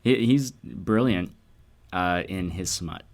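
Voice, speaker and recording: A man's voice: low voice, slow. A man co-hosting a comedy podcast, telling a self-deprecating story in casual chat with hesitant fillers. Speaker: podcast co-host.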